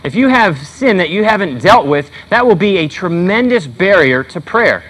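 High-voiced man preaching a sermon. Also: sing-song, moderate pace, fairly bright tone, breathy edge, rough recording. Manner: earnest, conversational preaching with frequent fillers. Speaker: pastor.

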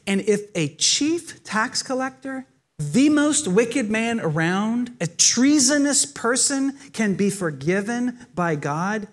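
The pastor's high voice moves slowly through a sermon in which he tells vivid stories and speaks directly to those gathered. His storytelling is animated and expressive, with quotes acted out.

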